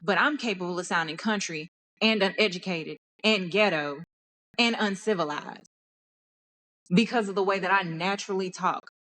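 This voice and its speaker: A young Texan woman hosts a personal podcast and speaks openly and with feeling. She often stumbles and restarts mid-sentence as she works through her thoughts, in a voice of middling pitch. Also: normal speed, a bit bright. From Dallas, Texas. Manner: candid and passionate, restarts often. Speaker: podcast host. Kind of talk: personal monologue.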